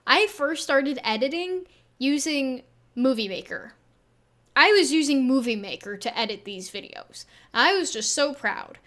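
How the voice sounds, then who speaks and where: Speaking into a Blue Yeti mounted on an arm, this woman, a video creator and game developer, gives casual reaction commentary on her own old footage. She's self-deprecating and halting, restarting again and again, with a youthful, slightly high, fairly bright voice that sounds younger than she is and lively intonation.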